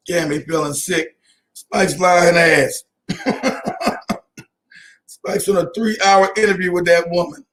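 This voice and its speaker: A man hosting a casual online chat show over a video call, talking loudly and bluntly with frequent laughter. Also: high voice, steady tone, takes it slowly, long pauses. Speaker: host.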